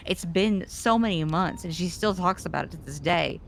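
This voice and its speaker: A woman's voice: on the low side, moderate pace, vocal fry, hardly any pauses, slight background noise. A woman in a roleplay scene, venting in an upset way and swearing. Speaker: roleplay character. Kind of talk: in-character roleplay chat.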